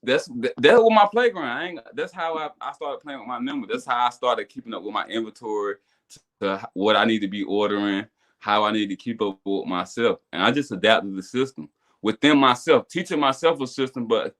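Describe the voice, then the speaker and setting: Animated man telling his story. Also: fairly quick. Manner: animated storytelling, repeats words, builds to excited high bursts. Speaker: podcast guest, business owner. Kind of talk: casual testimony chat.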